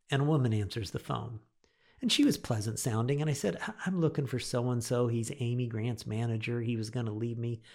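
A man's voice: mid-range voice, a little mellow. A middle-aged man, a pastor, telling a personal story in a radio devotional and acting out his own thoughts.

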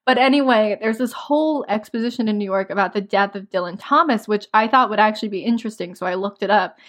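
A woman's voice: medium pitch, fairly bright tone. Young woman co-host, casual book talk, dry sarcastic asides. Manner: sarcastic, quick asides with frequent laughs. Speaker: podcast co-host. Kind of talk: casual book discussion chat.

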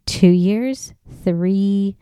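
Woman, podcast host, casual solo rant, swears a lot, loud and emphatic, smooth voice, dry sound. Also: mid-range voice, drawn-out words, dry recording. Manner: profane, ranting, gets loud and emphatic.

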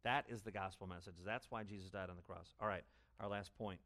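A man preaching an expository sermon as pastor, stressing words loudly and then dropping to low asides. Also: steady tone, a little fast. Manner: emphatic, swings between loud stresses and low asides.

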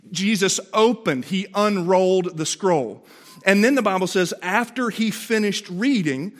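A man in his forties, with a high-pitched and slightly bright voice, preaches as a pastor in a church sanctuary. His sermon is emphatic yet conversational, and he often checks in with the congregation through rhetorical questions.

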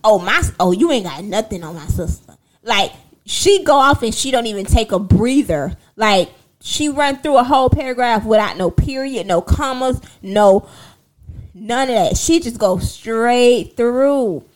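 A young woman, chatting casually and sassily to her viewers, telling a story in an animated way with laughter. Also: a little high, measured pace. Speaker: livestream host.

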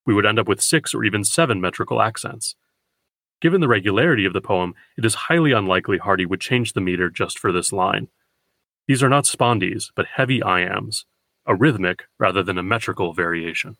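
Guy reading out a poetry lecture, slow and careful, kinda low but bright, dead dry room. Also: lively intonation, vocal fry, dry recording. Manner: measured, deliberate, slows for quoted verse. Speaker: poetry podcast host. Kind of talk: scripted literary lecture.

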